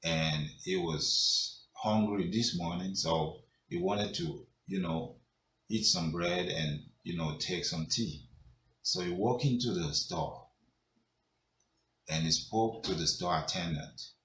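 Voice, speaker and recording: A male storyteller narrates a folk tale in a very low, unhurried voice. He keeps it conversational, with fillers. The room is echoey and faint noise sits behind him. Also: fairly bright tone.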